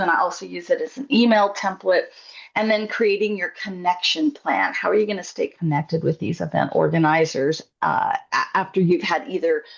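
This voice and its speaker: A woman's voice: mid-range voice, gravelly. Woman, workshop coach, upbeat and encouraging, slightly dull lo-fi call audio. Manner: upbeat, encouraging, chatty with fillers. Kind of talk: online group coaching session. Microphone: video call.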